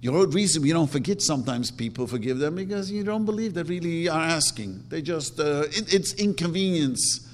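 A man's voice: a little high, animated, brisk, few pauses. A man teaching a religious lecture, emphatic, repeating his words and acting out quotes. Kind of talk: Torah lecture. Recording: long hall reverb.

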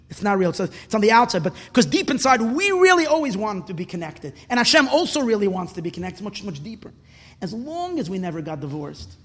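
High-voiced impassioned preacher in a hall. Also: male voice, husky. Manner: impassioned, swings from hushed to loud and emphatic, repeats words. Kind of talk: sermon. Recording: long reverb of a hall.

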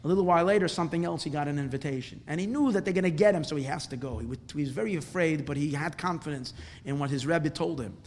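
Male religious teacher, slightly high-pitched voice, animated storyteller who builds volume through repetition. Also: fast, few pauses. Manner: animated, repetitive storytelling that swells louder at dramatic points. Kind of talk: storytelling lesson ending in a blessing.

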